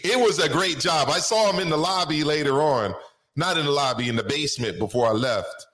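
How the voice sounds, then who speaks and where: A man's voice: a little high, fairly quick, a bit bright, echoey room. A man co-hosting a casual boxing talk show, stretching names out in a sing-song way for emphasis.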